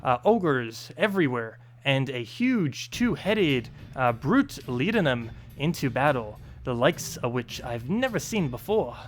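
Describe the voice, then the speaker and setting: A man voicing a male dwarf engineer in a video game, speaking in a put-on brogue with a slow, halting delivery full of pauses. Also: medium pitch, sing-song, faint music behind. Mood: hearty. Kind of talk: streamer reading game dialogue aloud.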